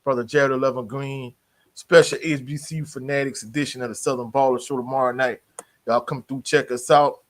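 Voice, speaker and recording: A man's voice: medium pitch, fairly even intonation, brisk. Laid-back slangy man hosting live sports talk. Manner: laid-back, slangy, greets chat members. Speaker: sports livestream host.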